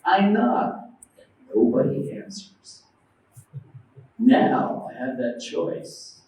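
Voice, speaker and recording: A man's voice: mid-range voice, sing-song, extremely slow, a little mellow. A man giving a devotional lecture as a preacher, telling stories and acting out quoted voices while questioning his audience. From United States. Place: temple hall. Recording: very echoey hall, mic at a distance.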